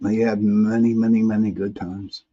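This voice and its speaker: Male host, low husky mellow voice, rambling live-stream chat delivery, dull lo-fi audio. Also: level tone, normal speed. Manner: rambling, with frequent restarts and repeated words. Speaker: host of a live paranormal talk show. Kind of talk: casual live-stream chat, reading viewer comments.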